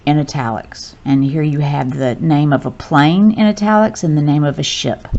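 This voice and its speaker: Woman teacher, lowish voice, slow and patient, dull lo-fi recording. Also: dark tone. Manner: patient, explains step by step, corrects herself. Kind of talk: grammar lesson narration. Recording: dull lo-fi sound.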